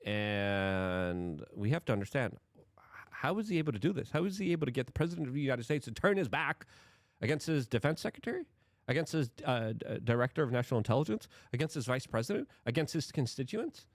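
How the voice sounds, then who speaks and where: An animated man delivering commentary to camera, his pitch swinging widely as he presses rhetorical questions. The sound is dry and close, with no room around it. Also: fast, no room sound. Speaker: political commentary host.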